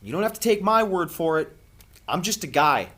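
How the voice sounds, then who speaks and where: A man vlogger delivers an impassioned spiritual monologue to camera, earnest and preachy, with long dramatic pauses. His voice is high-pitched, sing-song and a bit bright.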